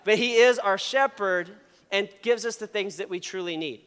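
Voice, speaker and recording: A man giving a casual, animated sermon, talking with a conversational tone and frequent "okay?" asides. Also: high voice, normal speed, clear, resonant tone, long reverb tail.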